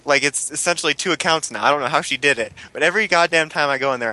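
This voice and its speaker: A man's voice: a little high, racing, bright, forceful tone. A man co-hosting a casual podcast, joking and telling stories with acted-out quotes. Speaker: podcast co-host. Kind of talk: casual chat.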